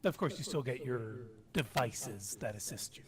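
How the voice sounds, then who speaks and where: A man's voice: medium pitch, normal speed, crowd noise. A man running a tabletop role-playing game as game master, talking in a rambling, hesitant way with many fillers.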